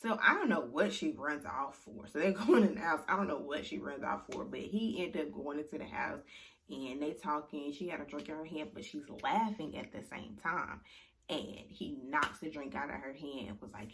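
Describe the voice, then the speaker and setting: A young woman in casual chat, recapping reality TV in a slangy, animated storytelling way, full of "like" and "you know". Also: deep voice, normal speed, vocal fry.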